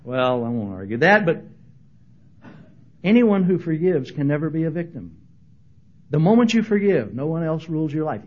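A man preaching a sermon as pastor, animated and humorous, acting out the voices he quotes. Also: on the high side, husky, muffled recording.

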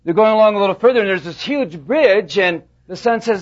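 Pastor guy preaching, kinda high voice, folksy stories, stops and restarts a lot. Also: animated. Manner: folksy storytelling, halting restarts. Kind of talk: sermon. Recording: dull lo-fi sound.

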